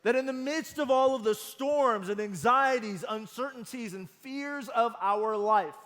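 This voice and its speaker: Male pastor, sermon, high voice, slow and emphatic, reverberant hall sound. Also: fairly bright tone. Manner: earnest, emphatic, slows down on key phrases.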